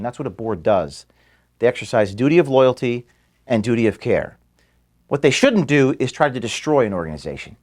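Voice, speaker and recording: A man, the founder of an organization, recording an earnest farewell statement to his staff from his office, moving between firm declarations and quiet, emotional passages. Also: mid-range voice. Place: office at headquarters.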